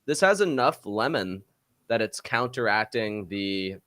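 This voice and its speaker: A man's voice: fairly low pitch, lively intonation, measured pace, a bit bright. A man hosting a live podcast stream, joking around and swearing casually while tasting drinks. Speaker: podcast host.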